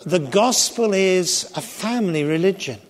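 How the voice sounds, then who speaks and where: A middle-aged man preaching a sermon, expressive and shifting his pitch and volume for emphasis. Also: a little slow.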